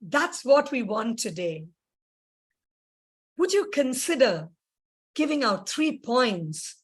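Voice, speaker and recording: Woman, slow, breathy, formal evaluator, gracious. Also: a little high, sing-song. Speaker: speech evaluator at a club meeting.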